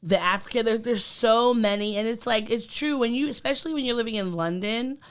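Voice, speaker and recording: A woman co-hosts a podcast in a smooth, clear voice. She talks in an earnest, reflective way, with plenty of ums and likes as she thinks aloud. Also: a little high, brisk. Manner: earnest, reflective, many fillers like um and like. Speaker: podcast co-host. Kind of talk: casual podcast chat.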